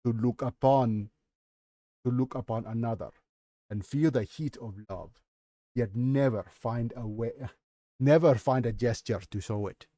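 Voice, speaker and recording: A man doing a slow, grave old record keeper. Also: medium pitch, warm tone, dry recording, lightly acted. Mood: solemn. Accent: Russian put on over Nigerian. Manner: slow, solemn, heavy pronouncements.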